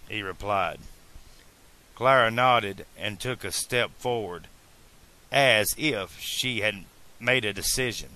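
A man narrating a fan-made audiobook in a slow, deliberate reading style. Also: on the low side, sharp tone.

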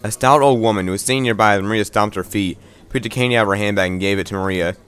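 A man's voice: lowish voice, racing, fairly bright tone, faint music behind. A man reading a visual novel aloud, stumbling and restarting words, with wry asides.

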